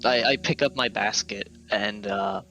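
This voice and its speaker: A man playing a small child in a tabletop game, halting and stammering with slow, bright speech. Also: fairly low pitch, lo-fi sound, faint music behind. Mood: sheepish. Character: small child, shy and excited.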